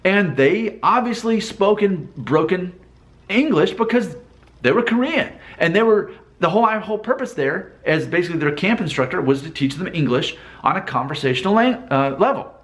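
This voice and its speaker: A vlogger talks casually to camera in a talking-head commentary, thinking aloud with rhetorical questions and restarts. His voice sits high and sounds animated, at a moderate pace.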